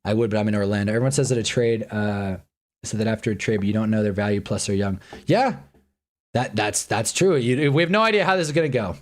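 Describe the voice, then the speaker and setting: A man's voice: fairly low pitch, quick pace. A man hosting a livestream in casual chat, thinking aloud, muttering and swearing now and then. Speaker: livestream host. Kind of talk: casual live-stream chat.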